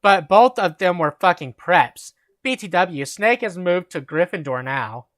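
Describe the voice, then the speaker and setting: A man hosting a comedic read-through, reading fanfiction aloud in a deadpan way and sometimes breaking into laughter. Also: sits high, a little slow, dry recording. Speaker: host.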